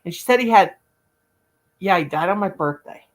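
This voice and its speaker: A woman's voice: fairly low pitch, lively intonation, normal speed, rough recording. A woman hosting her own channel, telling a long personal story in a rambling, folksy, casual way. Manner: rambling, folksy, talks in long run-on anecdotes. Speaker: crochet channel host.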